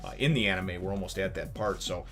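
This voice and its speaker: Rambling, animated man reviewing comics. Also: low-pitched, quick pace. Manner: animated, laughing, rambling storyteller. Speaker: manga review channel host. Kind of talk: casual comic chapter review.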